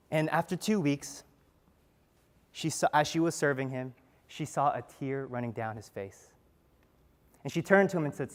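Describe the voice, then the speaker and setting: A man speaks from a stage, telling stories in an earnest way and turning to the audience with rhetorical questions. His voice sits a little high for a man. A long reverb trails each phrase, as in a large hall. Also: lively intonation, moderate pace, long pauses. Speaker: speaker giving a talk. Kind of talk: storytelling talk.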